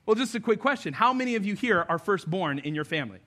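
A man's voice: sits high, lively intonation, quick pace, pushed and bright. A man preaching a sermon to his church, in an earnest, conversational way with touches of humor. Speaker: pastor. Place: church service before a congregation.

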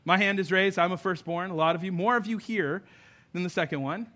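Bright, high-voiced pastor preaching. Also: male voice, a little fast. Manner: conversational, earnest preaching with light humor. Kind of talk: sermon. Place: church service before a congregation.

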